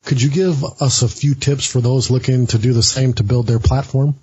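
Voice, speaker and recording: A man's voice: medium pitch, steady tone, moderate pace, a little mellow, breathy edge, muffled recording. A man hosting a podcast and asking his guest questions in a friendly, reassuring way. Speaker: podcast host. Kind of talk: podcast interview.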